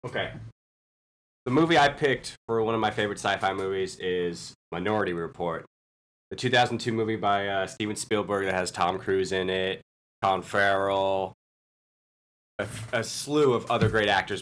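A man's voice: sits low, fairly bright tone. A man co-hosting a casual movie podcast, talking in an enthusiastic, opinionated way. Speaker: podcast co-host.

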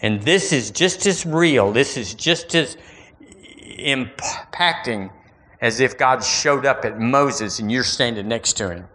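A man preaching a sermon in a folksy, animated way, repeating phrases and rising into bursts. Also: mid-range voice, takes it slowly. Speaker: pastor.

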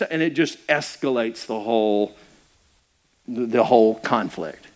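A man's voice: a little high, a little fast. A middle-aged man preaching a sermon as a pastor, telling the story conversationally and acting out the people in it, with frequent restarts. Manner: animated storytelling with acted-out quotes.

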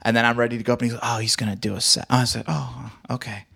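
Male comedian, animated storyteller, middle-range voice. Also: medium pitch, quick pace, creaky, slightly rough. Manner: animated, acts out quoted voices. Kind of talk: casual chat, storytelling.

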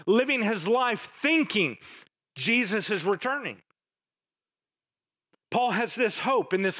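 A man preaching a sermon, moving between raised emphatic lines and hushed, low passages. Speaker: pastor.

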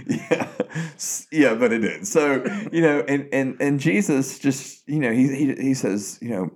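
Man, podcast co-host, casual faith chat, conversational storytelling, frequent restarts, medium pitch. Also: takes it slowly, darkish tone.

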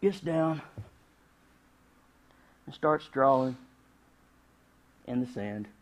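A man, preaching a sermon in a conversational, humorous storytelling way with sudden loud bursts. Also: medium pitch, drawn-out words. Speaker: pastor.

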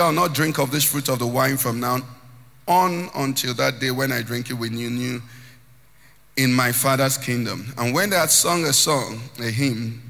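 A man's voice: mid-range voice, gravelly, bright, forceful tone. A man preaching a sermon as pastor, emphatic, often lifting phrases into a sung tone and repeating words as he builds. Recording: long hall reverb.

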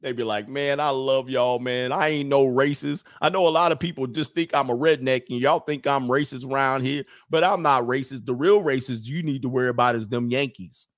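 A man puts on a boastful, drunk Mississippi redneck who drawls and rambles in a loose comedic impression. The voice sits at a middling pitch with no stage polish, close to an everyday talking voice, and keeps insisting on itself. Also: a little fast, hardly any pauses, no room sound, natural voice. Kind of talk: comedic impression in a livestream rant.

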